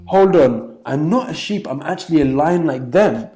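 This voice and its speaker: Man acting out a timid young lion, bleats, higher voice, mellow tone, told as a parable. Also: expressive, normal speed, soft background music, lightly acted. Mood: bewildered. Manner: bleating, meek. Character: young male lion raised by sheep, timid.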